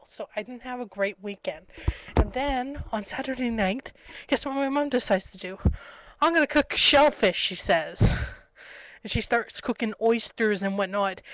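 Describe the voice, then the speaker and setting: A young woman films a loose, chatty webcam vlog at home, giggling and bouncing between stories. Her voice is medium-pitched, and the built-in mic yields a low-quality recording with no echo.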